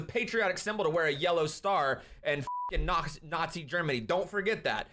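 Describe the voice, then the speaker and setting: Ranting male streamer, higher voice. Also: normal speed, a little hiss or hum. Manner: ranting, animated, swings loud and soft. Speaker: streamer host. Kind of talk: live-stream commentary.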